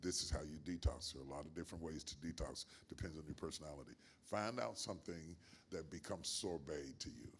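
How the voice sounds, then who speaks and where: An older man with a grandfather's years, a pastor answering interview questions in a measured, emphatic preaching cadence with repeated phrases. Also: very deep voice, a bit bright, slight background noise. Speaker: guest pastor.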